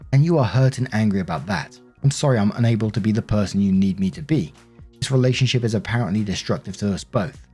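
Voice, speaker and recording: A man's voice: lowish voice, darkish tone, breathy edge. A man reading the lines of a wounded, accusing wife in his own voice while narrating a Reddit story. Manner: bitter, reproachful, pleading.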